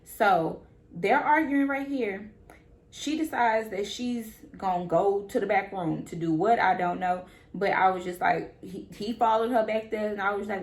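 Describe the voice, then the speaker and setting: A young woman vlogger telling a story in casual, slangy talk, animated and repeating her phrases. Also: mid-range voice, a little slow.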